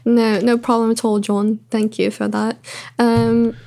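A woman's voice: on the high side, level tone, unhurried, gravelly, dark tone. A woman hosting a podcast, signing off in a laid-back, rambling way with many fillers. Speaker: podcast host. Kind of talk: casual podcast chat.

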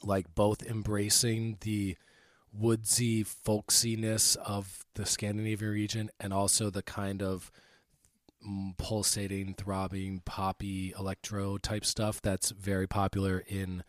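Guy rambling about an album on a podcast, lowish voice, dry close sound. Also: slow pace, no echo. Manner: relaxed, rambling, many fillers. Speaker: podcast co-host presenting an album pick. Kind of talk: casual music podcast chat.

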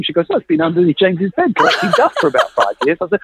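A man with a high, rapid-fire voice marked by vocal fry and a breathy edge spins a long story in conversation. He's animated, performs the quoted lines, and laughs a lot, all on a dry, tinny, phone-like recording.

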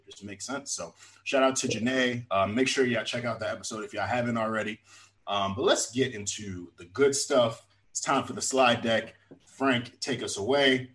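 A man's voice: fairly low pitch, fairly bright tone, poor audio. A man hosting a podcast in casual chat, hyping people up and laughing often. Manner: laughs often, hypes up guests. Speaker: podcast host.

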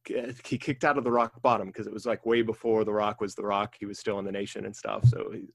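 A man's voice: on the low side, little pitch movement, fast talker, creaky, no echo. A man, a wrestling referee telling stories in casual conversation, rambling with many ums and restarts.

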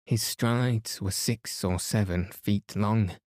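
A podcast host and reader narrates a bedtime story calmly and soothingly in a lowish, very slow voice. The recording is close and dry, with no room sound at all.

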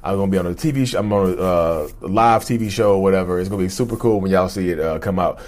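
Host, male, lowish voice, energetic casual vlog delivery, rambles and restarts, close to mic. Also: fast. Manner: animated and rambling, with slang and frequent restarts. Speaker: YouTube host.

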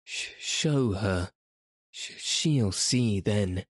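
A man's voice: fairly low pitch, fairly even intonation, slow pace, a little mellow, no room sound, clean studio sound. A man reading aloud, voicing a sickly, hysterical young boy who gasps and stammers between sobs. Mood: sobbing. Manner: gasping, choked, stammering.

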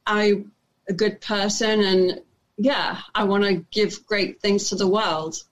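Woman actor as interview guest, young adult, reflective, halting speech, mid-range voice. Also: mid-range voice, fairly even intonation, low-quality recording. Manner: reflective, halting with many restarts and fillers. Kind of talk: casual interview chat.

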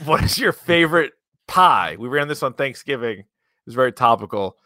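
A man's voice: mid-range voice, animated, a little fast, sharp tone, no room sound, clean studio sound. A man co-hosting a podcast, telling loose joking stories in casual chat. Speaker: podcast co-host.

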